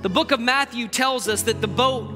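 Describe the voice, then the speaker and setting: A man preaching a sermon with passion, moving between loud exclamations and quiet asides. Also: very high voice, normal speed. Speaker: pastor. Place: large church hall. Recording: long hall reverb with faint music.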